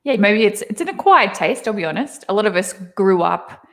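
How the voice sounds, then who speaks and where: A young woman with a thick Australian accent, chatting casually as an interview guest over a video call from home. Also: mid-range voice. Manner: chatty, animated storytelling with quick laughs.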